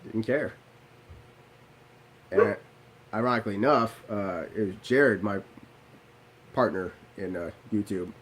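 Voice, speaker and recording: A man's voice: fairly low pitch, slight background noise, poor audio. A man in his late twenties telling a candid, self-deprecating story about his past in a rambling, profane vlog style, restarting his sentences often. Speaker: vlogger. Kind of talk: confessional storytelling.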